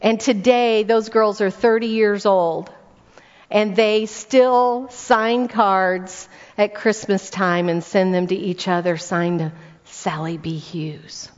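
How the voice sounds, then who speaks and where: A slow, darkish mid-range voice with fairly even intonation belongs to a woman giving a sermon at a church weekend event. Standing before the congregation in a church hall, she tells stories, throws rhetorical questions at the room and repeats words for emphasis, all captured in a dull recording full of hall reverb.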